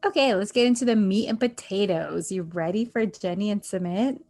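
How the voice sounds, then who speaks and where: A woman hosting a casual chat, retelling events in an animated, storytelling way. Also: medium pitch, normal speed. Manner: animated storyteller, acts out quotes. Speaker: podcast host.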